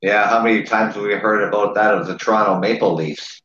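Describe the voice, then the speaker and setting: A man's voice: lowish voice, fairly even intonation, brisk, a bit bright. A man co-hosting a podcast in casual chat, easygoing and agreeable, laughing often. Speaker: podcast co-host. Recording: echoey room with dull lo-fi sound.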